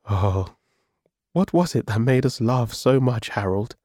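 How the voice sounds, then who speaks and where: A man voicing a gentle, caring older wife in a storybook reading, speaking softly and soothingly. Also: medium pitch, lively intonation, unhurried, slightly rough, dry recording, studio quality. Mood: merry.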